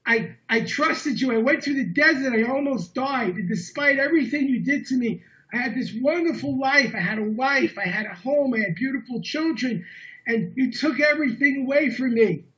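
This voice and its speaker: Un hombre que pone la voz de un devoto indignado y traicionado, con tono agudo, reclamando con enojo; grabación apagada de baja fidelidad. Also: male voice, extremely high pitch, animated, normal speed, bright, forceful tone, highs cut off, exaggerated voice. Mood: irate. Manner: indignant complaining. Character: irate devotee man, betrayed and demanding.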